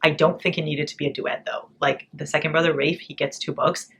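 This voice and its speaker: A young American woman chatting casually through a book reading wrap-up, blunt and animated, swearing freely. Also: sits low, fairly quick, a little hiss or hum. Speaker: book vlogger.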